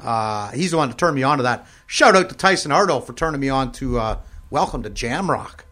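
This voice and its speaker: A man's voice: mid-range voice, expressive, brisk, pushed and bright. A male host of a talk show, bantering playfully with callers and his co-host. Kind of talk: casual radio talk.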